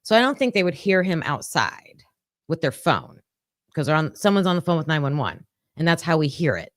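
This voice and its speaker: Casting note: woman, low voice, unhurried commentary, dry close sound. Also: sing-song, dry recording. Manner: thinking aloud with fillers, reading notes. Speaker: true crime commentator. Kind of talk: casual commentary livestream.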